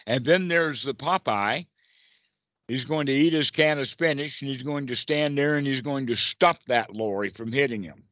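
A man's voice: medium pitch, moderate pace, dry recording. Dry, muffled man teaching meditation. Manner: playful, acts out little quoted voices and laughs. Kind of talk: casual teaching talk on a group call. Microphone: video call.

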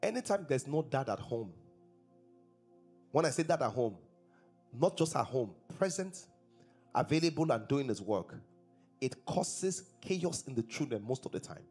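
A man's voice: medium pitch, very animated, measured pace, pauses often, a little mellow, husky, soft background music. A man preaching a sermon as pastor, repeating his points and asking the congregation questions. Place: church service.

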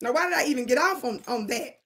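High-voiced woman vlogger telling a story. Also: fast, breathy edge. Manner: animated and preachy, plays with words. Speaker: channel host. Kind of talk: storytelling commentary monologue.

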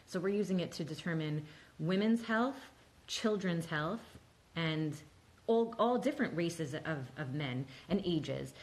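A woman's voice: on the low side, rough recording. A woman counselor giving a casual, emphatic talk, often saying "like" and "right?". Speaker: mental health counselor.

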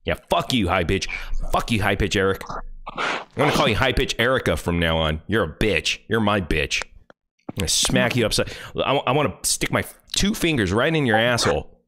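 A man's voice: on the low side, very animated, a little fast, fairly bright tone, a little hiss or hum. A man streaming live, reacting to a video in an angry, taunting, profane rant.

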